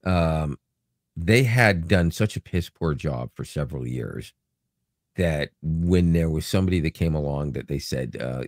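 A man's voice: a bass voice, a little slow, no echo, clean studio sound. A Canadian man co-hosting a podcast, chatting casually with jokes and rambling asides. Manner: rambling, joking, animated storytelling. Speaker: podcast co-host. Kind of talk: casual chat.

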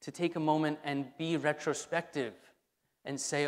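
A man's voice: on the high side, steady tone, normal speed. A man preaching a sermon as pastor, speaking conversationally and repeating key phrases for emphasis. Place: church sanctuary. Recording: long hall reverb in a church.

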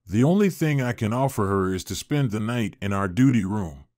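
A man voicing a calm, busy hospital doctor who speaks in a matter-of-fact, polite way. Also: fairly low pitch, normal speed, no echo, clean studio sound, close to an everyday voice.

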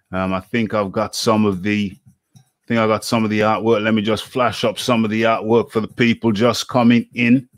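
A man's voice: lowish voice, no room sound. A man hosting a live online boxing interview show, chatty, repeating his phrases as he talks through his setup.

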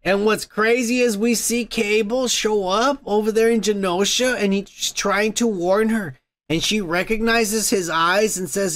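A man with a high voice hosts a casual podcast, retelling a cartoon episode in a rambling, excitable way. He swears constantly and piles on fillers as he goes. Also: a little slow. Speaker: podcast host.

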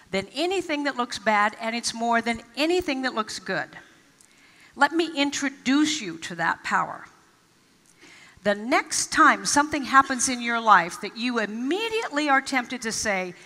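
A woman giving an inspirational stage talk, telling stories and acting out quotes with emphatic pauses. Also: a little high, bright, forceful tone, in a large hall. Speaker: motivational speaker. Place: large event hall.

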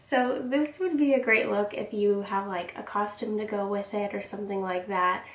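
A young woman with a voice hoarse from a cold, chatting upbeat in a casual makeup vlog intro. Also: mid-range voice, steady tone, moderate pace, recorded from a distance. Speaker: beauty vlogger. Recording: echoey room, a bit off-mic.

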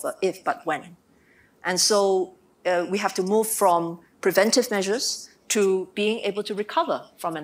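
A woman government minister answering on a panel in a measured way, with frequent "um" and "you know". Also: lowish voice.

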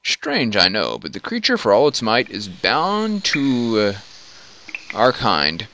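Casting: man voicing a weary exiled man, earnest and bitter, gravelly, very lively pitch, steady hiss behind. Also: exaggerated voice. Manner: reads the game's dialogue aloud, halting. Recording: steady background noise.

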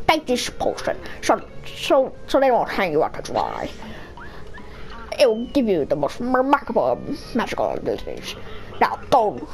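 A young let's-play gamer voicing a wise old male kettle elder, reading slowly and stumbling over words. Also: medium pitch, pitched below the performer's own voice, poor audio. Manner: slow storybook reading, halting over words.

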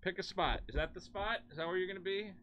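A man's voice: high-pitched, quick pace, fairly bright tone, highs cut off, a little hiss or hum. A man streaming a video game, chatting casually, rambling and swearing, and scolding his cat. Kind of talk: casual live gaming stream chat.

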